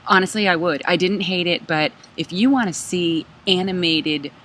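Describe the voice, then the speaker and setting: A woman's voice: fairly low pitch, moderate pace, a bit bright. A woman in her thirties co-hosting a podcast, chatting casually and playfully, laughing often. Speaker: podcast co-host. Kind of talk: casual chat.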